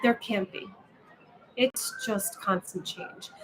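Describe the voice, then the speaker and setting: Female meditation teacher, reflective, gentle delivery, noisy recording. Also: mid-range voice, slow. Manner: gentle, musing, with frequent "right?". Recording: steady background noise.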